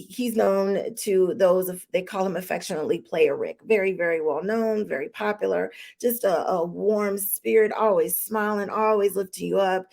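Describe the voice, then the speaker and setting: A woman's voice: medium pitch, creaky, darkish tone. A woman hosting a live-streamed talk show, chatty and emotional with many fillers and restarts, holding back tears. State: tearful, holding back crying.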